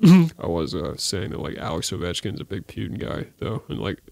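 Male podcast co-host, giggly and stumbling, lively pitch, dry close mic. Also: moderate pace, creaky, no echo. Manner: excitable, stumbling restarts, giggly. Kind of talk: casual chat.

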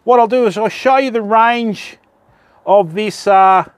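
Australian man, live streamer, high-pitched, dry close sound, relaxed matey chat with viewers. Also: a little slow, no echo. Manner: chatty, matey, addresses viewers as fam. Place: outdoors at night by the water in rain.

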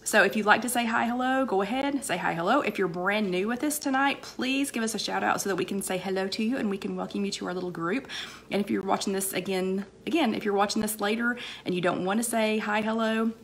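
A woman hosting a casual live-stream chat, her voice a little hoarse from a cold. She rambles in a friendly, unpolished way, breaking off mid-sentence to greet viewers by name, and leans on fillers and repeated phrases. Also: mid-range voice, fast. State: slightly hoarse with a cold, coughing.

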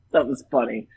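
The recording is rough, and the young man's mid-range voice is creaky and slightly rough. Co-hosting a casual podcast, he recaps a TV episode with plenty of swearing, acting out scenes and laughing.

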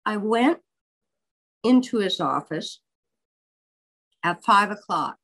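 An older woman, a biographer, telling a long story in an interview in a candid, wry and animated way. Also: medium pitch, slow, rough recording.

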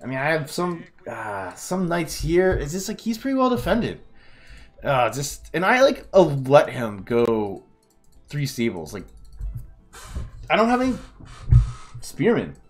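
High-pitched with big swings in tone, a young gaming video creator talks a little slowly with long pauses over soft background music. Tired and yawning, he commentates on a replay of his own game, groaning and faulting himself for his mistakes.

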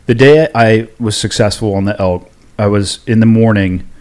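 A man's voice: lowish voice, normal speed, darkish tone. A man hosting a casual podcast conversation, talking candidly and poking fun at himself. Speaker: podcast host.

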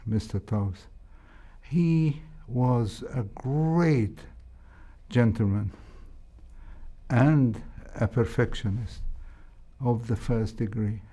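An older man, a heart surgeon with an Egyptian accent, recalling his training in a reflective interview, speaking in a measured way with frequent hesitations. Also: medium pitch, mellow, husky. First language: Arabic.

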